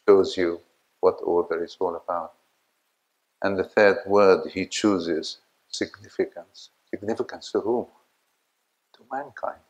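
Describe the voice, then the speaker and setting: An older man giving an academic lecture in a slow, halting way with many fillers, sometimes asking the audience questions. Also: sits low, a little mellow, rough recording. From Egypt.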